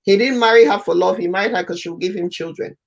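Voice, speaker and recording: Lively, incredulous woman co-host. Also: fairly low pitch, gravelly. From Nigeria. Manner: lively, incredulous, quick to agree. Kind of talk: casual chat.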